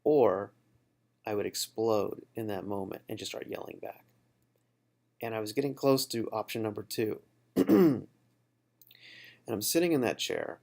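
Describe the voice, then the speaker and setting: A man with a low, gravelly voice, speaking in a relaxed and reflective way. He talks casually about a book and his own experience, pausing with fillers and restarting his thoughts as he goes. The delivery is unscripted and personal, with a slight creak at the ends of phrases. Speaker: book study host.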